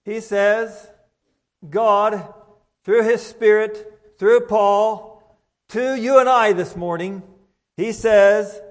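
A man preaching a sermon, reading scripture aloud and repeating key words with deliberate emphasis. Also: high-pitched. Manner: slow, deliberate, emphatic repetition. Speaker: pastor. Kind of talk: King James scripture reading.

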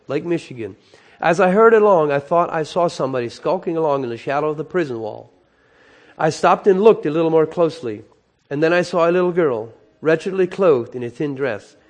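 A man preaching, telling a long story dramatically, swinging between loud emphasis and soft hushed moments. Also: fairly high pitch. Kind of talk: sermon storytelling.

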